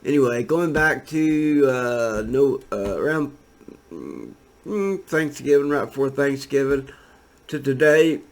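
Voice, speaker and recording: Taking his time, this man talks in a mid-range voice with expressive intonation. His casual screen-share commentary on trading charts is laid-back and rambling, with lots of fillers and restarts.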